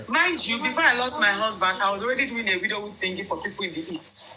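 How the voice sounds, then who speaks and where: A young Nigerian woman with a Nigerian accent telling viewers her own story in an emphatic, animated way. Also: mid-range voice, fast, crowd noise, low-quality recording. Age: young adult.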